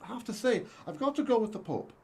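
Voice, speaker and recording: A man's voice: sits high, animated, a little fast, creaky, warm tone, pitched above the performer's own voice. A man playing a fussy, chatty priest aboard a space station in an improv scene, in a mock Irish accent.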